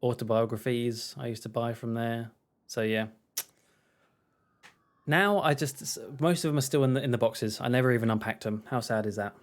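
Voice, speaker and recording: A man's voice: mid-range voice, normal speed. A man casually chatting and rambling while streaming a game. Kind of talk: casual let's-play commentary.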